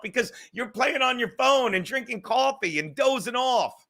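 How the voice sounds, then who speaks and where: A man hosting a livestream podcast in a high, bright voice. He rambles and jokes with his viewers, swearing freely as he goes. The talk is loose and casual at a desk mic. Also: expressive, moderate pace, gravelly. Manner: rambling, profane, joking with the chat.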